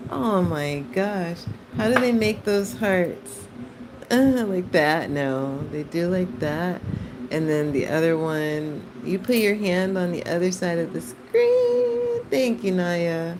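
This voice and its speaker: Woman, low voice, slow and lively, casual livestream chat, noisy audio. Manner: chatty, laughs often, talks to chat. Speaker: art livestreamer.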